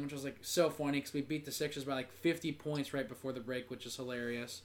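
A man's voice: medium pitch, level tone, fast talker, hardly any pauses. A man co-hosting a sports podcast, telling a story in a chatty way with lots of filler words. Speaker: podcast co-host. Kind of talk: casual sports chat.

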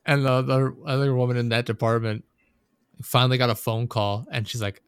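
A man's voice: mid-range voice, little pitch movement, brisk, smooth, no room sound, clean studio sound. A man in casual chat, rambling and swearing as he vents about a coworker. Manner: profane, venting, rambling storyteller.

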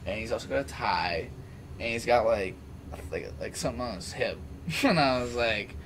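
A young man telling an animated story in casual chat, acting out what people said. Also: mid-range voice, moderate pace, crowd noise. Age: young adult.

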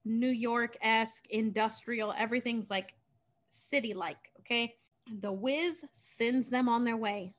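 A woman chats her way through a story recap, loose and profane. Her voice is bright and crisp. She pads her sentences with casual fillers. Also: fairly high pitch, unhurried. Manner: chatty, profane, filler-heavy.

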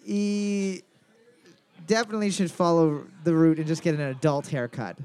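A man's voice: on the high side, steady tone, moderate pace, a little mellow, clear, resonant tone. A man hosting a trivia night, reading each question twice and joking between rounds. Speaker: trivia quiz host.

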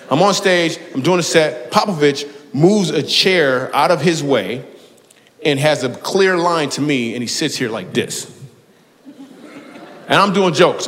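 Guy doing crowd work on stage, loose and teasing, echoey hall sound. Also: on the high side. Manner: loose, teasing, storytelling with bursts of excited laughter. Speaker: stand-up comedian taking audience questions. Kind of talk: live stand-up crowd work. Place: large hall before a live audience. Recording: live hall with long reverb.

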